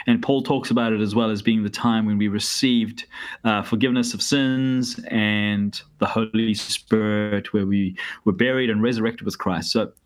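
Low-voiced New pastor explaining. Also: male voice. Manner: measured, explanatory, teacherly. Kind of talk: casual theological explanation.

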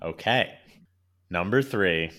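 Chill guy cohost, real low voice, casual swearing. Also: animated, slow pace, fairly bright tone. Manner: laid-back, swears casually. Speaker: podcast co-host. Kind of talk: casual chat.

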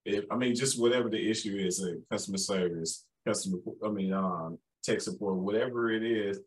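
A man's voice: lowish voice, brisk, husky, poor audio. A man from Chicago with a Chicago accent tinged with the South, chatting casually and agreeably. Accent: Chicago with Southern traces. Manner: agreeable, often says "yes, indeed", laughs easily. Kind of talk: casual conversation.

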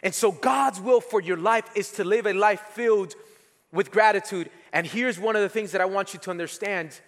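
A man's voice: high-pitched, normal speed, in a large hall. A man preaching a sermon as pastor, emphatic, repeating key phrases and leading the congregation to respond.

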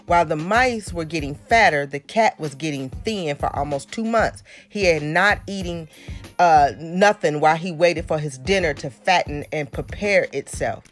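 A woman's voice: low voice, normal speed, soft background music. A woman minister hosting a devotional podcast, telling a fable and preaching in a storytelling manner.

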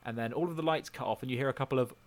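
A man's voice: medium pitch, very fast, a little hiss or hum. A man co-hosting a podcast, eagerly narrating his moves step by step in casual chat. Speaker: podcast co-host and player.

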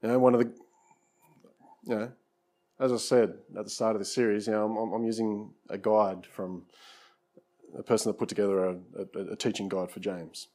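A man's voice: on the low side, little pitch movement, moderate pace, long pauses, warm tone. A man preaching a conversational sermon as pastor, often saying "you know" and repeating words, then leading a prayer.

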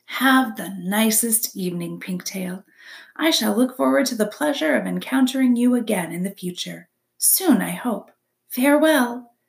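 A woman's voice: a little high, animated, moderate pace, creaky. A woman voicing a polite, literal female robot who speaks stiffly and formally, in a storybook reading.

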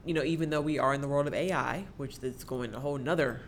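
A woman's voice: rumbling low, fast talker, a little hiss or hum. A woman, a special education teacher speaking as a podcast guest, talking animatedly and laughing often. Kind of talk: conversational podcast interview.

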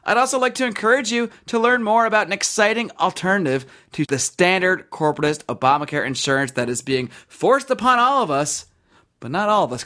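A man's voice: high-pitched, bright, forceful tone. A man hosting a podcast interview, reading sponsor spots with upbeat emphasis before talking with his guest. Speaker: podcast host.

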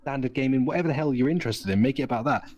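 A man hosting a podcast, chatting casually and enthusiastically in long excited runs. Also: medium pitch, racing, no echo. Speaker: podcast host. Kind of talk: casual chat.

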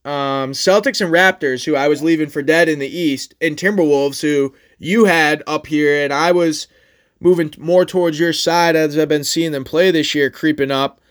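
A man's voice: on the high side, steady tone, normal speed, clean tone. A man co-hosting a sports podcast, chatting casually and with swearing, running through team standings. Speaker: podcast co-host.

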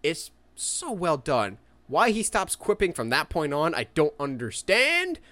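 Excitable man with a lively, swinging voice. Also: unhurried, no room sound. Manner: enthusiastic, jumps into high excited quotes. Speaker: podcast co-host. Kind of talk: casual fan chat.

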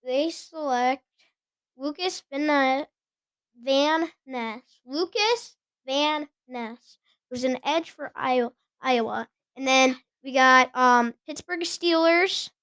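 Woman host, high voice, casual and giggly, often fumbles words, dry close sound. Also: slow, fairly bright tone, no room sound. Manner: chatty, giggly, stumbles over names. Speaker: podcast host. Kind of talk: casual sports chat.

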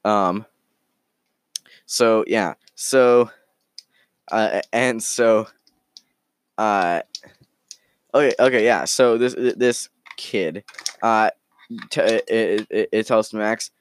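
A man hosting a podcast, chatting casually and telling an improvised story in a rambling, joking, halting way. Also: on the low side, dry recording, studio quality. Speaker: podcast host.

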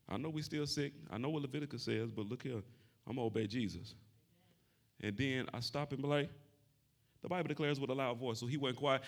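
A man preaching a sermon, calling out to the congregation and shifting between loud shouting and soft, conversational talk. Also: mid-range voice, fast. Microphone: wearing a mic.

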